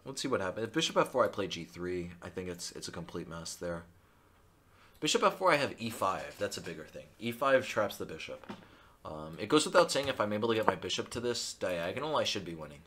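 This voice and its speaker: A male chess streamer thinking aloud through his live game, excitable and self-mocking. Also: sits low, a little fast.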